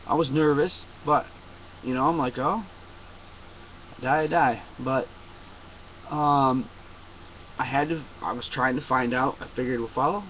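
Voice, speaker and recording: A man's voice: medium pitch, fairly even intonation, moderate pace, long pauses. A man telling a long personal story to a webcam, emphatic and insistent, often digressing. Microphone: webcam mic. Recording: dull lo-fi webcam audio with faint noise.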